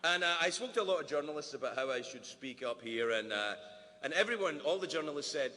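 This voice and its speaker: A Scottish man doing stand-up comedy at a formal dinner, animated, full of quick asides and mock-voiced quotes. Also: on the high side, a little hiss or hum. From Scotland. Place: large banquet hall. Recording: roomy hall with faint ambience.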